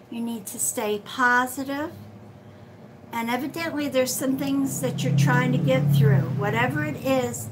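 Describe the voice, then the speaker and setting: High bright-voiced woman, unhurried. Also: slight background noise, rough recording. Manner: chatty, calls viewers sweetheart. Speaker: psychic reader hosting a livestream. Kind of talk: casual livestream chat, greeting viewers.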